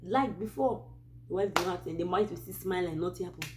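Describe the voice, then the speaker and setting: A woman from Cameroon with a Cameroonian English accent, hosting a Christian advice channel and telling a true story in a casual, animated way with many asides. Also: fairly low pitch, fast, background noise.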